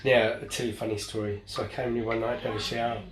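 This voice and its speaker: A man's voice: mid-range voice, little pitch movement, fast, crowd noise. A man, chatting casually on a live stream and showing things around a house. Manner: chatty, exclaims often, swears lightly.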